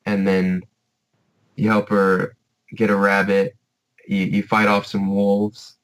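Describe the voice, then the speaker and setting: A man with a somewhat low voice, chatting loosely as a podcast co-host. He strings thoughts together with plenty of fillers and restarts. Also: completely flat delivery, slow pace, long pauses, low-quality recording. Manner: rambling, many fillers like "like" and "you know". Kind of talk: casual chat.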